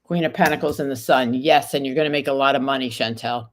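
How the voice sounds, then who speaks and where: Her voice is a rumbling low one, and she moves at a quick pace. This tarot reader, still recovering from an illness, goes live, reads her viewers' questions out loud and answers them one card at a time.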